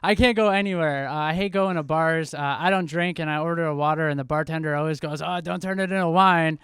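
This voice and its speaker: A man's voice: on the high side, fast talker, clear, resonant tone, no echo, studio quality. A man from New Jersey doing a self-deprecating stand-up set on a club stage into a handheld mic. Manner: self-deprecating, relaxed deadpan delivery. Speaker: stand-up comedian.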